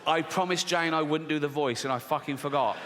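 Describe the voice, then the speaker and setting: A man's voice: fairly high pitch, brisk, very noisy. A man doing a stand-up routine, brash and full of swearing. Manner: brash, sweary, mock-outraged. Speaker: stand-up comedian. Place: large theatre stage. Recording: live hall with reverb.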